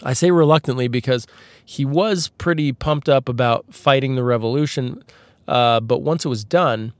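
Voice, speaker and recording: A man hosting a podcast, telling a rambling comedic story with sarcastic asides, his voice a little husky from a tickle in his throat. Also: mid-range voice, normal speed, no room sound. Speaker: podcast host. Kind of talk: casual comedic storytelling monologue.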